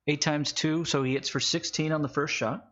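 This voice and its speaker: A man running a tabletop game as game master, narrating with wry, halting asides. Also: fairly high pitch, steady tone, fairly bright tone, dull audio.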